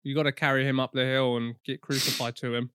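A man co-hosting a comedy podcast, teasing his co-host and dropping into quick mock impressions. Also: medium pitch, level tone, fairly bright tone, clean tone, no room sound, clean studio sound. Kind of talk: crude comedic podcast banter.

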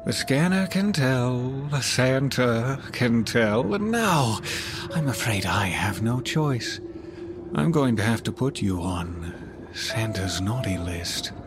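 A man's voice: mid-range voice, animated, takes it slowly, over music. An actor playing a smug, menacing male elf flight attendant in a horror audio drama, mockingly polite and taunting.

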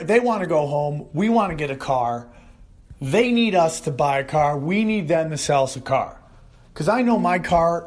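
A man hosting his own podcast rants through a funny story in a voice that sits a bit high. He talks fast and with energy, and he breaks into loud yelling when he quotes the people in his story. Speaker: podcast host. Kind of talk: comedic solo rant.

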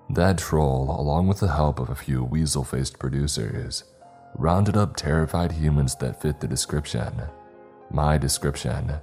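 Very deep-voiced male story narrator. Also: a little mellow. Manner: wry, casual storytelling. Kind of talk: scripted horror story narration.

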